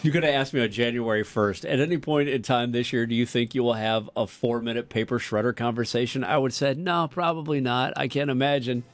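Chuckling middle-aged radio co-host. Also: male voice, mid-range voice, fairly even intonation, a little fast, hardly any pauses, faint music behind. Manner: rambling storyteller, self-deprecating, laughs often. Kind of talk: casual morning radio banter.

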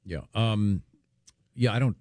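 Male host, lower register, self-deprecating rambler in loose banter. Dry sound. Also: slow pace, a little mellow, dry recording. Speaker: radio show host. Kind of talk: casual group banter.

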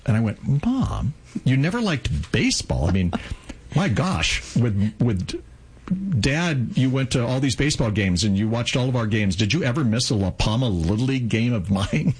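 A man in his sixties, co-host of a radio talk show, telling a heartfelt personal story in an earnest, lively way. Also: mid-range voice, slightly rough, poor audio. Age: 60s.

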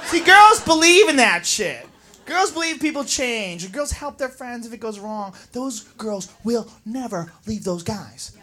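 A woman's voice: fairly high pitch, very animated, measured pace, bright, forceful tone. A woman doing stand-up comedy, brash and punchy, swearing freely.

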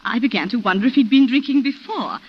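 An actress playing a refined colonial wife who tearfully recounts a shooting, in a 1940s radio drama style. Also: female voice, on the high side, expressive, quick pace, husky. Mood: distraught. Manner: breathless, emotional, refined. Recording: muffled old radio recording.

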